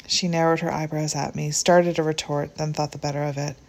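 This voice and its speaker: Low, gravelly woman reading a story. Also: little pitch movement. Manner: gentle, measured storytelling. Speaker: audiobook narrator. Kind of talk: reading a short story aloud.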